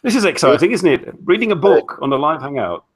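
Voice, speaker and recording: Older man with a lively, bouncing voice. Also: fairly high pitch, a little fast, a little hiss or hum. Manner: lively, self-mocking, stumbles over words. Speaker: host of a weekly online hangout. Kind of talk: casual chat.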